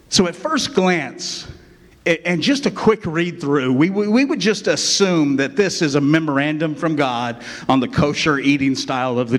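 A man preaching a sermon as pastor in a casual, conversational way, often checking in with the congregation. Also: mid-range voice. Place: church. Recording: long reverb of a church hall.

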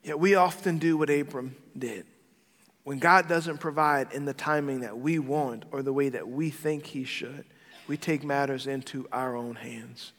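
A man, a pastor, preaching an emphatic sermon that swings between loud and quiet. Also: medium pitch, measured pace. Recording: long hall reverb with soft background music.

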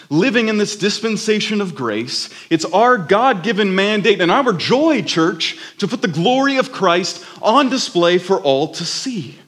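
A man's voice: high-pitched, fairly bright tone. A man preaching a sermon, telling a story dramatically and building emphatic lists. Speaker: worship leader preaching.

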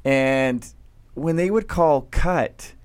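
A man's voice: fairly high pitch, drawn-out words, smooth, dry recording. A man working as a convention emcee, telling stories in a casual interview and acting out what people said. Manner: animated storyteller who acts out what people said.

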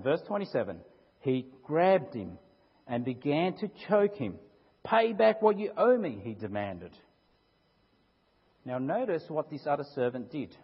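A man preaches a sermon in a slightly high, husky voice, telling a story with lively swings of pitch and frequent rhetorical questions. His words echo at length through a church hall, and the recording sounds dull and lo-fi.

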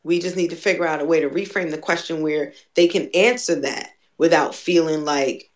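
A woman's voice: low voice, normal speed. A woman in casual conversation who talks candidly and emphatically, swearing freely.

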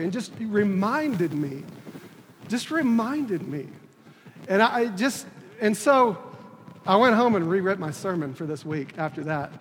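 In a large hall with faint background noise, a high-voiced man in his 30s delivers a testimony sermon. He preaches on his church's leadership team, and his earnest delivery is halting, full of repeated words and fresh starts.

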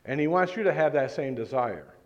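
A man's voice: a little high, lively intonation, brisk, muffled recording. A man preaching a sermon in a church, talking conversationally and asking the congregation questions.

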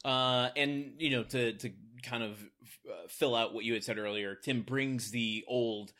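A man's voice: medium pitch, steady tone, measured pace, pushed and bright. A man co-hosting a podcast, recapping a TV episode in casual comedic chat and laughing often. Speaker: podcast co-host.

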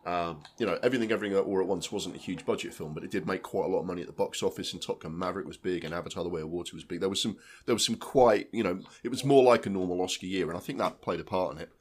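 A man's voice: sits low, racing, hardly any pauses, slight background noise. A man hosting a podcast, telling stories in casual film chat and acting out quotes. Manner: animated storytelling, acts out quotes. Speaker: podcast host.

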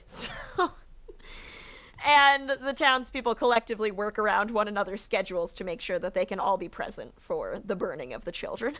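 A woman's voice: medium pitch, moderate pace, a bit bright. A woman co-hosting a casual book discussion podcast, reading passages aloud with laughing asides. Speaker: podcast co-host.

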